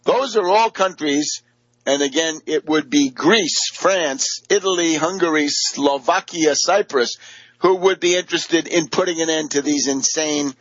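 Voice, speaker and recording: A man delivering a political monologue in a combative, sarcastic tone, stumbling over fillers as he goes. His voice is a touch high and husky. The recording is dry and muffled. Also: unhurried, fairly bright tone, no echo. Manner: mimics opponents in quoted asides.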